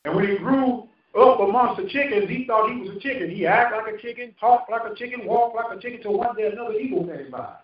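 A man's voice: sits high, fast, few pauses. A male pastor preaching a fervent sermon, emphatic, with call-and-response to the congregation. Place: church sanctuary. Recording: echoey hall, distant mic, dull sound.

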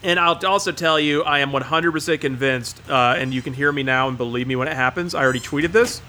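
A man hosting a casual podcast chat, excitable, swearing often and mimicking voices as he talks. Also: a little high, fast talker, slight background noise. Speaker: podcast host.

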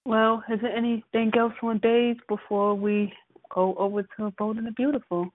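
A woman's voice: fairly high pitch, level tone, normal speed, dry recording. A woman co-hosting a casual soap opera recap, blunt and sassy in her opinions. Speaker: podcast co-host. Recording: tinny phone-like line, dry.

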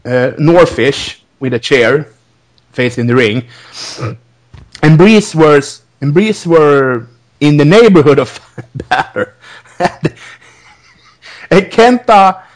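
A man's voice: fairly high pitch, animated, slow pace, long pauses. A man hosting a podcast, recapping wrestling in a rambling, casual way, laughing often between restarts. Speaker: podcast host.

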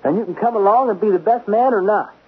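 A man's voice: high-pitched, fast, breathy edge. An actor playing a defiant young man about to marry, in a 1970s radio drama. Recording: narrow lo-fi vintage radio broadcast.

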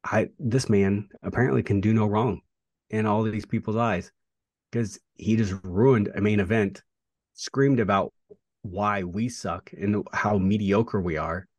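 A man, a pro wrestler, talking through a rivalry in a casual interview, reflective and halting with fillers and restarts. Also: on the low side, darkish tone, no room sound.

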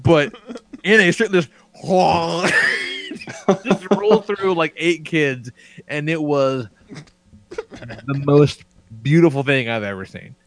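A man's voice: on the high side, huge pitch swings, slow pace, pauses often. A man co-hosting a podcast, telling a story with profanity and frequent laughter. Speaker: podcast co-host. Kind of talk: animated storytelling.

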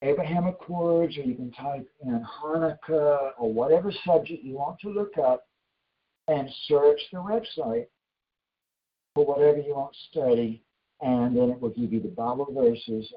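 A man preaching and giving church announcements in a slow, emphatic way, repeating his instructions. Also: mid-range voice. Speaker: pastor. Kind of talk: sermon with announcements. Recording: dull lo-fi recording.

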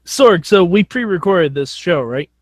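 A man's voice: sits high, lively intonation, measured pace, darkish tone, dry recording. A man co-hosting a casual wrestling chat, joking around and swearing freely. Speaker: podcast co-host.

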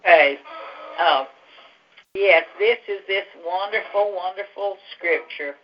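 A woman leading a Bible study and prayer, talking gently and haltingly with many fillers. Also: medium pitch. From Louisiana. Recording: muffled lo-fi audio.

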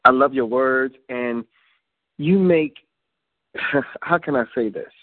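A man's voice: medium pitch, slow pace, no echo. A man hosting a call-in poetry radio show, chatting casually and loosely. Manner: relaxed, repeats "you know what I'm saying". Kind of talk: casual chat. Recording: phone line.

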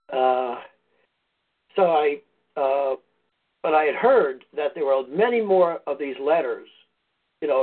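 A man, a podcast guest, casually telling a meandering personal story in a conversational way. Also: medium pitch. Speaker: podcast guest, foundation founder. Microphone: phone or call line. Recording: tinny phone-line audio.

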